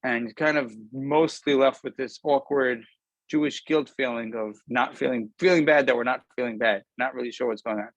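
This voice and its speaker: A rabbi gives an informal Torah talk over a video call. His voice sits at an ordinary middle pitch and sounds dry and close. He talks conversationally and pauses often with ums. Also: no echo, poor audio. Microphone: video call camera.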